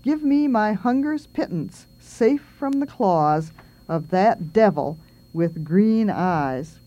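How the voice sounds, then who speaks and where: A woman's voice: mid-range voice, lively intonation, takes it slowly, dark tone. A woman voicing a small timid gray mouse saying a meek, pleading prayer.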